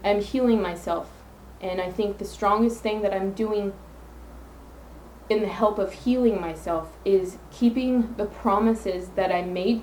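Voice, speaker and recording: A woman's voice: mid-range voice, darkish tone. Brief: woman solo podcast host, sincere and rambling, phone mic in an echoey room with faint hum. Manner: earnest, rambling with self-affirmations.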